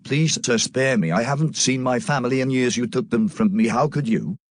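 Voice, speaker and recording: Man doing a pleading male captive, loud and desperate. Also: mid-range voice, brisk, close to an everyday voice.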